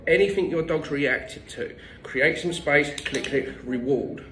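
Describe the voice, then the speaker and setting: A man's voice: fairly high pitch, a little slow, a bit bright, reverberant, a little hiss or hum, rough recording. A man working as a dog trainer, giving blunt, no-nonsense instructions with the odd swear word. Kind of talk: direct instructional tips.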